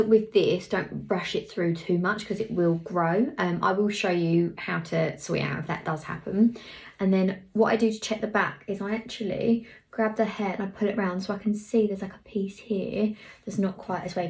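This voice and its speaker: A young woman talks through a hair tutorial in a chatty, easygoing way. She mutters asides under her breath as she works. Her voice has a gravelly, creaky texture. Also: mid-range voice, darkish tone. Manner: chatty, talks while working, drops into murmurs. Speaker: hairstylist vlogger.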